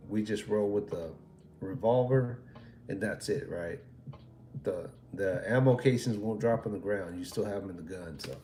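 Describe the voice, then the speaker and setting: A man hosting a livestream in casual chat, laid-back and quick to laugh. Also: lowish voice, mellow, reverberant, a little hiss or hum. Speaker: livestream host.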